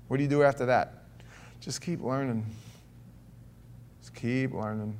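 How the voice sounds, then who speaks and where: A man in his fifties preaching a sermon in an animated way, acting out voices and asides. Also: medium pitch, quick pace. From Florida. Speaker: pastor.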